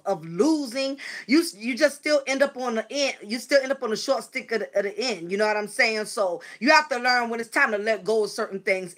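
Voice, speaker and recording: Woman, vlogger, casual talk, bright voice, fairly high pitch, chatty and emotional. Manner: chatty, emotional, addresses viewers as y'all.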